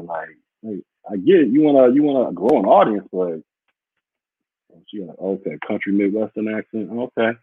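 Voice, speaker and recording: Man, podcast host, casual livestream chat, rambling and blunt, husky voice, tinny phone-like sound. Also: on the low side, expressive, moderate pace, no echo. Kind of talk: casual livestream chat reading viewer comments. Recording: muffled phone-like audio.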